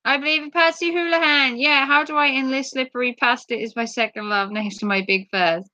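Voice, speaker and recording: Woman streamer with a high, sharp voice, chatty and flustered, recorded on a tablet with dull, dry lo-fi sound. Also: steady tone, brisk, dry recording. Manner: flustered, apologetic, thinks aloud. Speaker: livestream host. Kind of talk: casual chat reading viewer comments. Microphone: tablet device.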